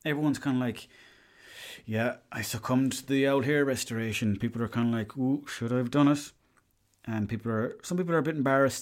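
An Irish man in his young adult years talks through a casual solo podcast story. He rambles, swears freely, and drops into quick quoted lines from the people he met. His voice sits at an ordinary middle pitch for a man. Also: darkish tone. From Ireland. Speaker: podcast host.

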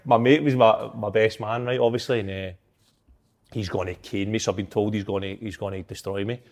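A man's voice: on the low side, a little fast. A young man, a footballer, telling stories in casual chat and laughing often. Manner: laughs often, animated storytelling. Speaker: footballer guest.

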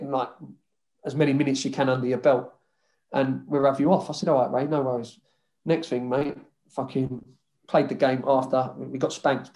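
A man's voice: mid-range voice, a little mellow. A man, a former footballer casually telling rambling anecdotes in an interview, swearing freely.

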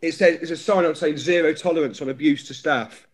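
A man's voice: on the high side, brisk. An English man, a guest comedian, telling easygoing stories in casual chat and laughing along as he goes. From England. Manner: easygoing storyteller, laughs mid-story.

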